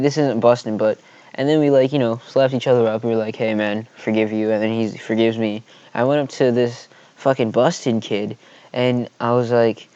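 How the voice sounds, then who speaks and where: A man's voice: medium pitch, darkish tone, clear, resonant tone, no echo, muffled recording. A man telling a storytime vlog, rambling and swearing heatedly as he recounts a school fight. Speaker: vlogger.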